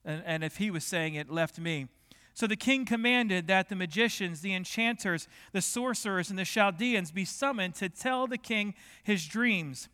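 A man's voice: sits high, normal speed, sharp tone, clean tone. A middle-aged man preaching a sermon as pastor, talking in a conversational way and joking with the congregation. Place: large church sanctuary. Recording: long hall reverb.

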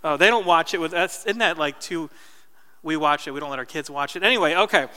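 In a reverberant church hall, a thirtysomething pastor from New Jersey preaches through stories, casually addressing the congregation in asides. He talks fairly quickly in a bright, forceful, highish voice with a clean tone.

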